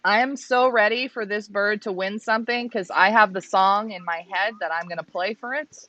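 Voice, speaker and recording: A woman's voice: medium pitch, fairly even intonation, moderate pace, bright, forceful tone. A woman co-hosting a live stream, chatting casually and joking as she reads out names. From Canada. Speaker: co-host of a live pigeon race stream. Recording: slightly dull lo-fi stream audio.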